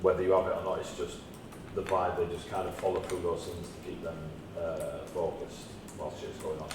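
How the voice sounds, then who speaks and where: A man narrating a tabletop game as game master, relaxed and rambling with ums. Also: low voice, brisk. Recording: echoey room, mic far off, noisy.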